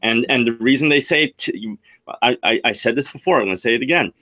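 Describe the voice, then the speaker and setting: A man's voice: medium pitch, fairly quick, bright, forceful tone. A man, a chat moderator on a livestream, confidently explaining a theory at length.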